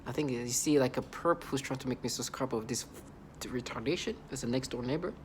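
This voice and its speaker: A man's voice: medium pitch, fairly quick, slight background noise. A man vlogging in a rambling, agitated monologue full of restarts and repeated words. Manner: agitated, repetitive, many restarts; laughs in disbelief.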